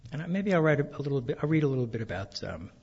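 An older man with a husky voice, speaking softly and haltingly with many fillers as he tells a family story and reads from his memoir. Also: mid-range voice, sing-song, dull audio. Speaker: author reading from his memoir. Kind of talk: casual storytelling then reading aloud.

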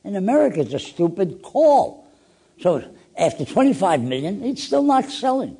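A man's voice: sits high, moderate pace, gravelly, husky. A man being interviewed as a guest in a radio studio, telling stories with gusto and acting out the dialogue in different voices. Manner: acts out dialogue with lively voices. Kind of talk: animated anecdotal storytelling.

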